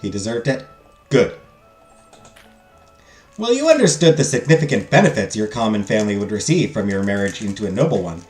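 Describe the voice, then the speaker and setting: Animated man reading a text game. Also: fairly low pitch, a little fast, long pauses. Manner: jokey, self-deprecating asides between narration. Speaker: streamer playing a text game. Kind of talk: let's play, reading game text and chatting with viewers. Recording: roomy echo, faint game music.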